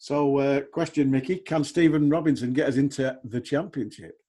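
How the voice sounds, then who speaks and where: A man's voice: medium pitch, moderate pace, warm tone. A middle-aged man hosting a casual football chat, a chatty storyteller who livens his anecdotes by acting out other people. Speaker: podcast host.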